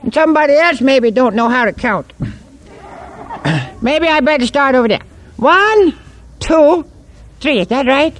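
A man's voice: very high-pitched, very animated, a little slow, pauses often, a bit bright, slight background noise, voice pushed up, heavily acted. A man voicing Mister Punch, a cocky, sassy male puppet who teases the audience in a live puppet show. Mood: cocky, teasing. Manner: boastful, teasing, playful drawl.

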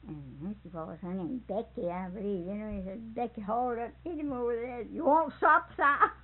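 A woman's voice: medium pitch, fast talker, slightly rough. An older woman, telling a family story in a rambling, folksy way and often chuckling. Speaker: interviewee. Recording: tinny phone-like recording with faint hiss.

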